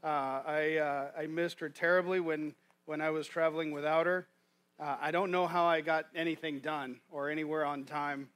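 Guy preaching at church, kinda high voice, folksy, lots of restarts. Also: level tone, moderate pace, fairly bright tone, clear, resonant tone. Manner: folksy, conversational, many restarts. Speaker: guest preacher. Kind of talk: sermon. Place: church sanctuary.

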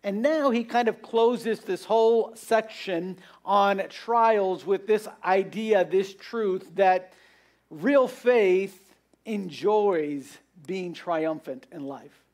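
A man's voice: sits high, takes it slowly, darkish tone. A man preaching a sermon, earnest and repeating his points for emphasis.

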